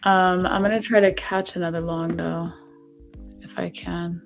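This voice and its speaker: A woman's voice: fairly low pitch, measured pace, creaky, soft background music. Chatty woman hosting a live stream. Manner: relaxed, chatty, laughs often. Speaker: host. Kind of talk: casual live-stream chat.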